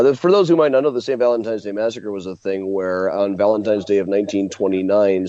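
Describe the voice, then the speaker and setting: A man with a low, mellow voice talks on a radio show, spinning animated anecdotes and correcting himself as he goes. The sound is dry and slightly dull, like a plain studio mic. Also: no echo. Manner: animated anecdotes with laughs and restarts. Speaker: guest historian and tour guide. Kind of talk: storytelling in a radio interview.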